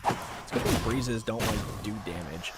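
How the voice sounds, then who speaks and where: A man's voice: on the low side, unhurried, loud music behind the voice. A young man streaming a game, casually telling rambling stories full of fillers. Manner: rambling, filler-heavy, chuckling. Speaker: gaming streamer. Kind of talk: casual storytelling while gaming.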